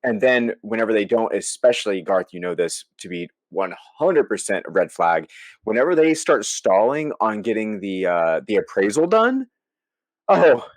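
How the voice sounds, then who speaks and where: A man's voice: on the low side, big pitch swings, moderate pace, no echo. A man hosting a podcast, asking rambling, self-correcting questions in casual chat. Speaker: podcast host.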